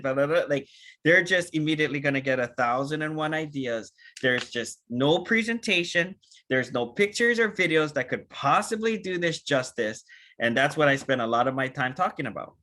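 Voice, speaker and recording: A man giving an energetic, animated training talk on a video call, acting out short dialogues with big jumps in pitch. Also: moderate pace. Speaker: network marketing trainer.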